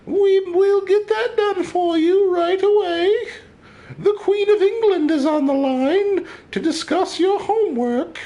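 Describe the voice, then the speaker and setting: Man doing a shrill posh mother in falsetto. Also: slow pace, dark tone, muffled recording, a little hiss or hum, exaggerated voice. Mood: fawning. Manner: shrill falsetto, mock-refined. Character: prim posh mother, eager servile lady.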